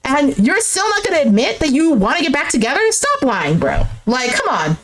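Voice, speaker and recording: A young woman doing a recap of a dating show, reacting with exasperation and swearing, and acting out the cast's lines in a lower voice. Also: wildly swooping pitch, moderate pace, a bit bright. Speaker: recap streamer. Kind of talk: animated reaction commentary.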